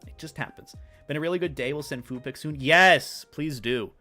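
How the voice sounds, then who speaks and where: A man's voice: fairly high pitch, normal speed, sharp tone, faint music behind. A man chatting casually on a live stream, rambling playfully and talking to his chat, with his words tumbling over each other. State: hiccups.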